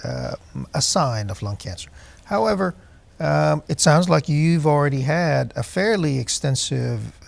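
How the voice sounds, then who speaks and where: Man, 60s, doctor, gravelly voice, slow measured delivery, hesitant fillers. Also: mid-range voice. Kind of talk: TV health call-in answers.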